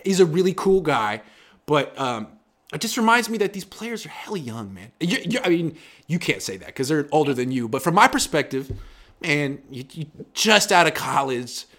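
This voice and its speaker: Young male sports writer guest, animated and bright-toned, acts out quotes in casual chat. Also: on the high side, moderate pace. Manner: animated, acts out quoted players with big loud jumps.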